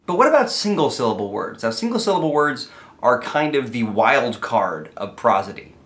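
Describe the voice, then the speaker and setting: A man's voice: medium pitch, very animated, moderate pace, a bit bright. A young man giving a playful, comedic lesson on writing song lyrics, sometimes singing his examples. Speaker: songwriting teacher.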